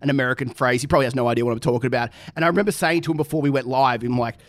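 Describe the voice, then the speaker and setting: A man's voice: mid-range voice, very fast, dry recording, clean studio sound. A young Australian man, a podcast co-host, telling a story with lots of swearing and laughter. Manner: animated, swears freely, laughs through his stories. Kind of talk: casual storytelling chat.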